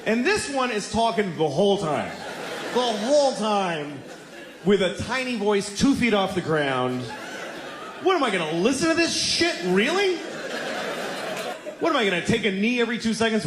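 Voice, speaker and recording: Exasperated stand-up comic man, lively pitch. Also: normal speed. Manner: exasperated, deadpan storytelling with sudden yelled bits. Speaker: stand-up comedian. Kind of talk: stand-up routine. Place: theater stage. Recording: echoey theater with audience noise. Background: audience laughter.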